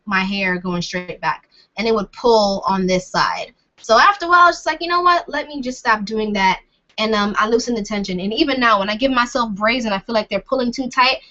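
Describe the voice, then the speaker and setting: Bright-voiced young woman chatting casually. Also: fairly high pitch. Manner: chatty and rambling, self-deprecating, laughs often. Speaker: vlogger answering viewer comments. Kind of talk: casual live Q&A chat. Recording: dull lo-fi sound.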